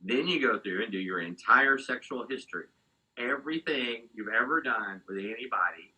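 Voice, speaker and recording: A man being interviewed, giving an animated, candid account of his own past. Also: mid-range voice, normal speed, husky, poor audio. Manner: animated storytelling, gets fired up. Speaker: interview guest.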